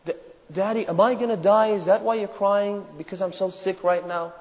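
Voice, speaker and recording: A small sick girl begs her father through tears in a high, strained voice, as a male preacher acts her out. The sound is dull and muffled. It rings in a long-echoing hall. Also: fairly even intonation, moderate pace, darkish tone, lightly acted. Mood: frightened. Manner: tearful pleading, high strained voice. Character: sick five-year-old girl, pleading, clinging to her father. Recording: muffled recording in a reverberant hall.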